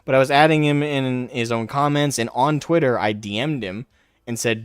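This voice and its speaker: A man's voice: mid-range voice, normal speed, clear, resonant tone, dry recording, clean studio sound. A man hosting a live stream, talking in a brash, mocking way and taunting people in a raised voice. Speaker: livestream host. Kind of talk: casual livestream commentary.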